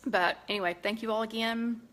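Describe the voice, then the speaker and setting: A middle-aged woman with a lilt talks casually to her live-stream viewers. She rambles, stops to correct herself, and fills pauses with "um" as she chats along. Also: fairly high pitch, steady tone, fairly bright tone. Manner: chatty, rambling, many fillers and self-corrections. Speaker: host of a live cooking chat.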